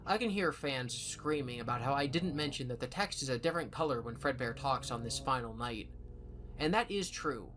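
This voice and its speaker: A woman with an unusually deep voice narrates a scripted explainer video. Her delivery is measured and analytical. Faint music plays behind her. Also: animated.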